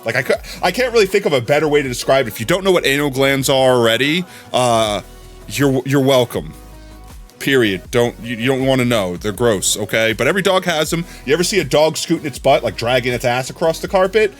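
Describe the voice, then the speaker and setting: A man's voice: medium pitch, expressive, fairly quick, faint music behind. A man chatting casually on a live stream, rambling from topic to topic and laughing often.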